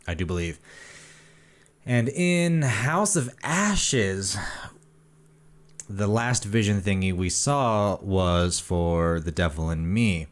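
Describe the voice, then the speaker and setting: A man giving sardonic let's play commentary on a horror game. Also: sits low. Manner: sardonic, animated. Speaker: gamer.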